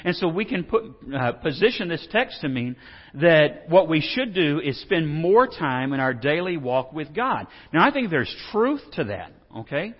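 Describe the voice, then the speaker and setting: A man's voice: a little high, sing-song, moderate pace, husky. Male Bible teacher, jokey and folksy, dull lo-fi pickup with long reverb. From Texas. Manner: folksy, joking, asks the audience questions. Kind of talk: animated Bible lesson. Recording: dull reverberant hall sound.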